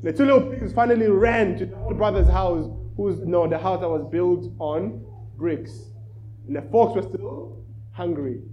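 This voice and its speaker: A man preaching to a church, telling a children's story with lively energy. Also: high-pitched, a little slow, highs cut off. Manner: animated storyteller, rising in volume. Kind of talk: sermon with storytelling.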